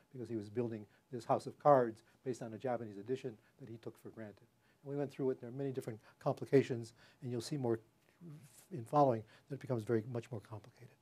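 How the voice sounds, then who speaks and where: An older man giving an academic public lecture in a hall, speaking haltingly with many fillers and restarts. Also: medium pitch, warm tone.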